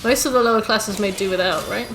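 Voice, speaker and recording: A woman's voice: mid-range voice, a bit bright, soft background music. A young woman, chatting casually and ranting with swear words to her live-stream chat while gaming. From England. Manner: chatty, ranty, swearing, quick asides to chat. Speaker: game streamer.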